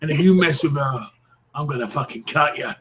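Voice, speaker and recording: A man's voice: medium pitch, a little fast, a bit bright, slight background noise, lightly acted. A man voicing a swaggering male East End London tough with an exaggerated East End accent and threatening banter. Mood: mock menace. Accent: East End London, put on.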